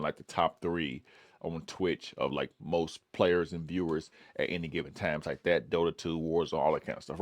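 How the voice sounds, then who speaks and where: A man's voice: low voice, no echo, clean studio sound. A man hosting a music reaction show, talking casually and laid-back with lots of "like" and "man". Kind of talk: casual chat.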